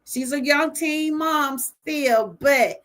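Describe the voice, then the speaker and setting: Older woman, earnest and high-voiced. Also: takes it slowly, a bit bright. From Georgia, US. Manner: earnest, speaks straight to viewers, often moved. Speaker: livestream host. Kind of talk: heartfelt livestream talk. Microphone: webcam or phone livestream.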